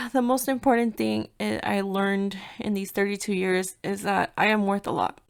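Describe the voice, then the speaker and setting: A woman in her thirties from the United States talks through her own podcast in a relaxed, chatty way. She leans on "like" and drops Spanish phrases into her English as she tells stories. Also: mid-range voice, normal speed, gravelly. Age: 30s. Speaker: podcast host. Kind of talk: casual solo podcast storytelling.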